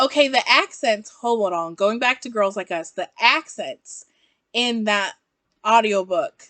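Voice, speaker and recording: A woman's voice: mid-range voice, fairly bright tone, dry recording. A young woman from the South, chatting casually and rambling as she reviews books, often laughing at herself. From American South. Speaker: book reviewer. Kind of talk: casual book-review vlog.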